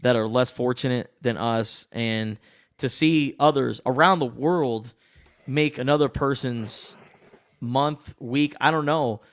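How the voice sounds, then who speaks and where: A man co-hosting a podcast, talking in a quick, animated, joking way. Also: mid-range voice. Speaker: podcast co-host. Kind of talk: casual chat.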